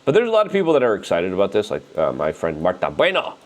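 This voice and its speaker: A man hosting a political commentary show, animated and indignant, talking with strong emphasis. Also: low-pitched, quick pace. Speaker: host.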